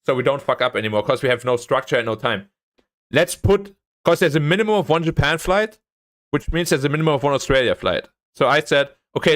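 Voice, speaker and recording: A young man talks to his stream in a casual, rambling way. His voice sits somewhat high and climbs sharply when he gets worked up, with plenty of swearing. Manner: animated ranting, swears, voice jumps up when annoyed. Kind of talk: casual chat.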